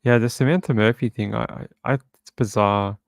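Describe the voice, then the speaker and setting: Gravelly-voiced man chatting on a livestream. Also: lowish voice, moderate pace, no echo. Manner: chatty, reads viewer comments aloud. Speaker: true crime livestream host. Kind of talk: casual livestream chat. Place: home.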